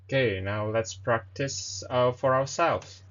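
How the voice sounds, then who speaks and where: A man's voice: medium pitch, slow, fairly bright tone. A man hosting a casual beginner language lesson, who reads short phrases, translates them and explains with hesitant fillers and self-corrections. The audio is dull and lo-fi. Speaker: Spanish lesson host.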